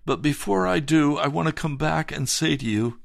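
A male pastor giving an earnest, emphatic broadcast sermon testimony, with slow, deliberate phrasing. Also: fairly high pitch, vocal fry, dry recording, studio quality.

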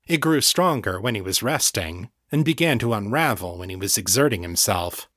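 A man narrating a fantasy novel in a calm, measured way, close to the mic. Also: lowish voice, dry recording. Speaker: audiobook narrator. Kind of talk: scripted narration.

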